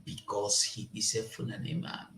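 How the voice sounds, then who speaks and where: A man's voice: on the low side, normal speed, sharp tone. A man with a Nigerian accent giving impassioned political commentary, switching into Pidgin and laughing as he talks. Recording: roomy echo.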